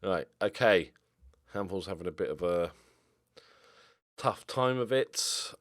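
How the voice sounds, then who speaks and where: Excitable man commentating on a game. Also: sits low, slow, no echo, studio quality. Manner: excitable, swings from mumbled asides to loud outbursts. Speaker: gaming YouTuber. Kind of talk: casual gameplay commentary.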